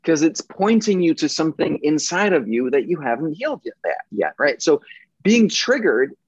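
Husky-voiced man, emphatic and profane. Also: on the high side, moderate pace, no echo, lo-fi sound. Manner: emphatic, profane, animated, swings between intense and gentle. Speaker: podcast guest. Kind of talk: casual conversation.

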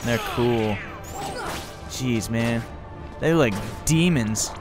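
A young man giving excitable, chatty let's-play commentary, laughing often. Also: mid-range voice, very slow, music in the background. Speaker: gaming video host.

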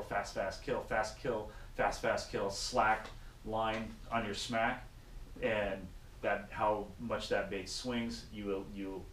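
Casual male angler, lively storyteller, roomy sound from a distance off the mic. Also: deep voice. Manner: animated storyteller, acts out voices. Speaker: guest angler. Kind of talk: casual fishing chat. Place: in a car on the road. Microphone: action camera. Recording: echoey and distant, faint noise.

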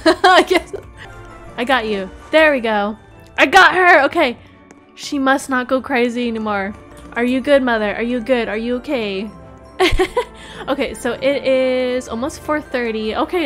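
Giggly high-pitched woman. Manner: giggly, excitable, with squealing high laughs and shouts. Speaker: roleplay host playing the mother. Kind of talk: playing a family roleplay game.

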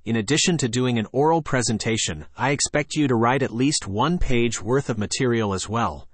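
A man voicing a calm, firm schoolteacher who speaks in a measured, matter-of-fact way. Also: mid-range voice, husky, no echo, close to an everyday voice. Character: calm, firm middle-aged woman teacher. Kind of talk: audiobook character voice.

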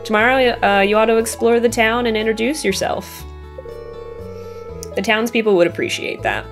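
Folksy older mayor from a farming game, read by a woman, friendly, higher-pitched read. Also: normal speed, soft background music, lightly acted. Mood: welcoming. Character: genial older male small-town mayor.

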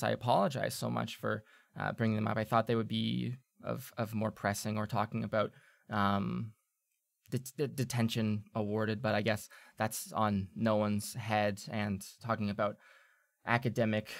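A man's voice: on the low side, gravelly, dry recording, studio quality. A man voicing a young male student rival who stammers and needles with pointed politeness, in tabletop role-play.

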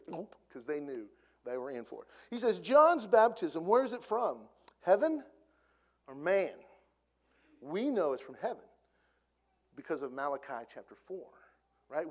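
A man with an Oklahoma accent preaching a sermon in a church, acting out the people he quotes and dropping to a quiet, low voice for solemn points. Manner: animated preaching, acts out quoted speakers. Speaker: pastor. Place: church sanctuary.

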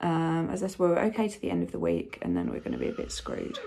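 A young woman chatting casually to camera, frank and rambling, with fillers and an occasional swear word. Her voice sits on the low side for a woman. A faint hiss runs under the recording. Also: wildly swooping pitch, fast, hardly any pauses. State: unwell, hiccups. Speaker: vlogger. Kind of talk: casual vlog chat.

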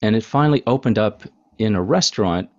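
Low-voiced man telling a story, lo-fi. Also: expressive, fairly quick, a little mellow. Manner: storytelling, easygoing with fillers. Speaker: podcast host. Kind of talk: casual interview chat.

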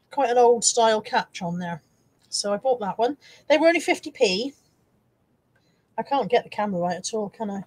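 Heard through a rough recording, this woman's voice is a little high and husky. An eBay reseller hosting a casual live stream, she chats, pokes fun at herself, and laughs often while reading out viewer comments.

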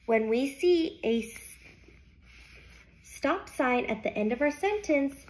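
A young adult woman teacher reading a picture book aloud to young children in a slow, sing-song storybook voice. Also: sits high, animated, darkish tone.

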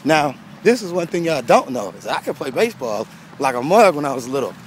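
A middle-aged man telling stories in a casual vlog while walking his old high school track, animated and slangy, laughing often. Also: brisk. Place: outdoors at a school track and field. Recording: faint outdoor background noise.

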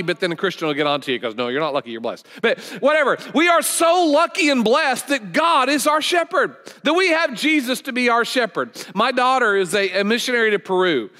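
A man's voice: very high-pitched, sharp tone. A middle-aged man preaching a sermon as a guest pastor, folksy and conversational, telling stories with frequent restarts. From United States. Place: church sanctuary. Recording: long church hall reverb.

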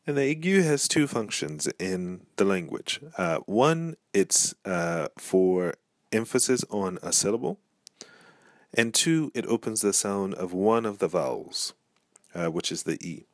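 A man teaching a pronunciation lesson, saying each letter and word slowly and repeating it twice. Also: fairly low pitch, no echo, clean studio sound. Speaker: language teacher.

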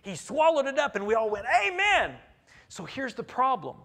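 A man preaching a sermon in a church, earnest and emphatic, swinging between loud and quiet. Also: extremely high pitch, very animated, a little fast. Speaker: pastor. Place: church sanctuary.

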